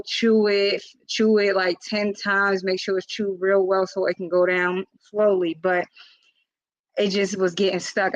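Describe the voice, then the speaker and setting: A woman's voice: mid-range voice, a bit bright, no room sound. A woman vlogger telling a personal story in a casual, earnest way, with lots of informal fillers. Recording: slightly dull, dry lo-fi recording.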